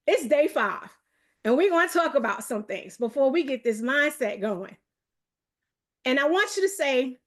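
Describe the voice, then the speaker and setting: A woman from New York with a New York accent, hosting a live motivational accountability call with fast, energetic, hype-building talk that keeps calling out to her audience. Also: high-pitched. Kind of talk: live online motivational coaching.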